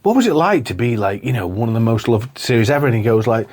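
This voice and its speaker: A man co-hosting a casual podcast, full of jokey banter and frequent laughter. His pitch swings widely as he talks, sitting in a middle register. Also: big pitch swings, fast, darkish tone. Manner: jokey banter, laughs often, lots of "mate". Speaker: podcast co-host. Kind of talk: casual chat.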